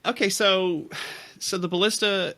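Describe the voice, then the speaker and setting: A man's voice: sits high, fairly even intonation, measured pace, sharp tone. A man co-hosting a casual podcast, explaining a topic at length with many fillers and restarts. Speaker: podcast co-host.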